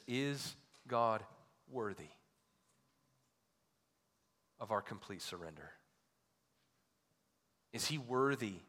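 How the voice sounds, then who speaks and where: Recorded with long hall reverb, this sermon comes from a male pastor who repeatedly asks rhetorical questions. He alternates between loud, emphatic bursts and soft, low passages.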